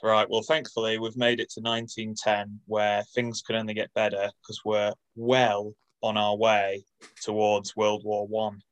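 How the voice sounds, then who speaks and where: A man's voice: lowish voice, monotone, unhurried. A man co-hosting a casual podcast, telling a story in a dry manner. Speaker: podcast co-host.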